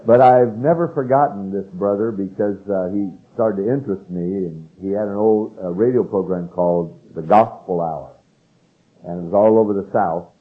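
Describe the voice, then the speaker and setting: An older man from California delivers an earnest, emphatic sermon in a fairly low voice. He leans into key phrases as he reads scripture aloud. The sound is narrow and tinny, like an old radio broadcast. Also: moderate pace. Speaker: pastor.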